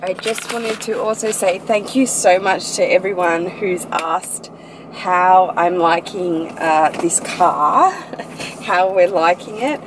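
Chatty woman vlogging from a car. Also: fairly low pitch. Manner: chatty, rambling, quick asides. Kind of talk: casual vlog chat to camera. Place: inside a car. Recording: steady background noise.

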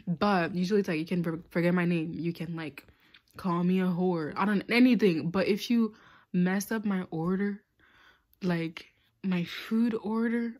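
Vlogger, young woman, chatty storyteller with dramatic asides and quick whispers. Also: medium pitch. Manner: animated, laughing, dramatic, drops to whispers. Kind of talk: casual storytime chat.

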